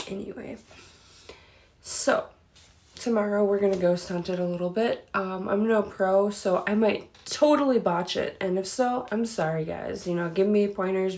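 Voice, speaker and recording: A chatty woman hosting a spooky-stories channel rambles casually and peppers her talk with fillers. Her voice is mid-pitched with a gravelly, fried edge. She is recorded close to the mic. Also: normal speed, darkish tone. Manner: chatty, filler-heavy, laughs easily. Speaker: host of a spooky story channel.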